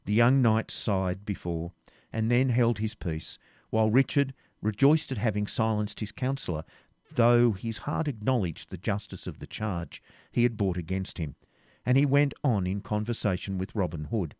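A man narrating a classic novel in a measured storytelling manner. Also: fairly low pitch, lively intonation, a little mellow, no room sound, studio quality. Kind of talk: audiobook reading of a classic novel.

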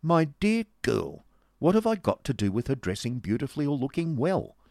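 A man voicing a good-humoured, naive young gentleman in an audiobook reading. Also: mid-range voice, sing-song, normal speed, gravelly, no echo, studio quality, pitched above the performer's own voice. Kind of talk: audiobook character voice.

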